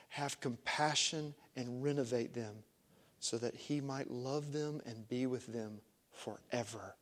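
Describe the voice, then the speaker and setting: A man preaching a sermon, telling a story with a voice that swings from hushed to emphatic. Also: medium pitch. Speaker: pastor. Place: church sanctuary.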